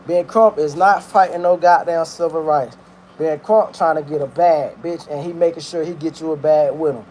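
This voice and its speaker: A man with a high-pitched voice talks his way through a story in loose, rambling commentary. His delivery is slangy and profane, and he cooks in his kitchen as he goes. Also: steady tone, moderate pace, darkish tone, slight background noise. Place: kitchen, cooking while talking.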